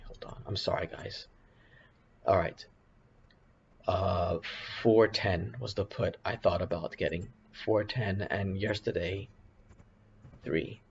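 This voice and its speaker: A man with a lowish voice hosts a casual trading walkthrough, rambling and backtracking between points. The recording is muffled and lo-fi, with a faint hiss behind him. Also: darkish tone. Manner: rambling, self-correcting, apologetic asides. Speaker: options trading video host. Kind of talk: casual screen-share commentary. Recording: dull lo-fi sound with faint background hiss.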